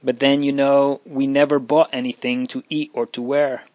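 A man's voice: medium pitch, level tone, moderate pace, darkish tone, dry recording, muffled recording, lightly acted. A man reading as an earnest young boy. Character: earnest young noble boy, brave brother. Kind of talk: audiobook reading.

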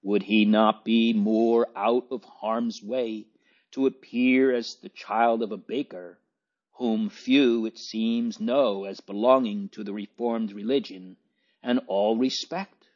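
A man voicing a gentle, anxious young noble girl who pleads softly, in a dull lo-fi recording. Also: fairly low pitch, steady tone, slow pace. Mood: earnest pleading. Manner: pleading, soft.

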